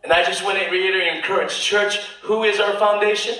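A man preaching a sermon as pastor, calling for amens from the congregation and reading scripture slowly, word by word. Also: high voice, steady tone, pushed and bright. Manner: preaching with call-and-response, quoting scripture slowly. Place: church sanctuary. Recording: roomy church sound from a distant mic.

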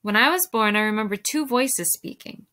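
A sad, gentle male dragon who cannot fly speaks slowly and formally as a woman reads his lines. The tone stays bright in a storybook reading. His speech is mournful and polite. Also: fairly high pitch. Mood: sorrowful.

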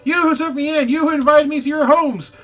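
A man voicing a smooth-talking, swindling salesman in a video game playthrough, with oily, theatrical denials. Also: very high-pitched, steady tone, a little fast, lo-fi sound, pitched above the performer's own voice. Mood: smooth pleading.

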